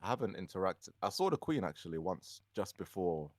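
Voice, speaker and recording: Low-voiced young man, dry sound. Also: big pitch swings, brisk, dry recording. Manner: hesitant, lots of fillers, laughs as he tells a story. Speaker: podcast co-host. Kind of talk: casual chat.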